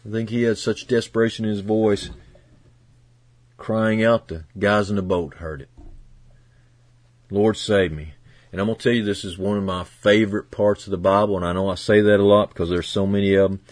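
A man preaching a sermon as pastor, earnest and fervent, moving from hushed passages to loud, emphatic ones. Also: fairly low pitch, fairly even intonation, normal speed, dry recording.

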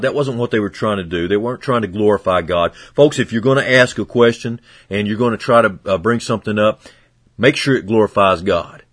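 Folksy preacher, husky voice. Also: male voice, fairly low pitch, no echo. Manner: folksy, conversational preaching with swings between loud and hushed. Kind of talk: sermon.

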